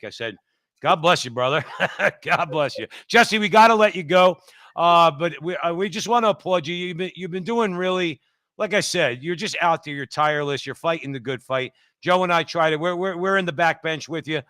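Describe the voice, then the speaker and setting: Bright crisp radio host dude, folksy and chummy, dry close mic. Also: male voice, on the high side, brisk, no echo. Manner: chummy, folksy, calls people brother. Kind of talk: casual radio talk.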